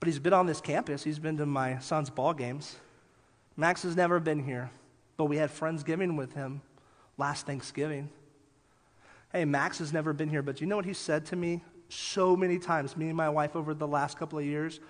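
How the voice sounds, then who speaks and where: A man preaching a sermon as pastor, telling lively stories and then dropping quiet for emphasis. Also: a little high, moderate pace. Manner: animated storytelling, drops soft for emphasis. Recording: long hall reverb.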